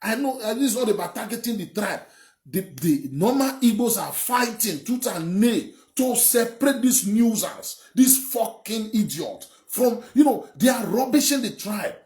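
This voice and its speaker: This young online commentator from Edo State, Nigeria, has a high, animated voice with a darkish tone and moderate pace. Heated and emphatic, he rambles through political views, repeating himself and cursing, recorded in an echoey space.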